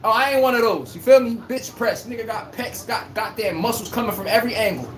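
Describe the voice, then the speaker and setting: A man's voice: high voice, brisk, fairly bright tone. A man hosting a casual sports live stream, reading chat and trash-talking in a brash, playful way, recorded on a phone. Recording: echoey room with faint hum.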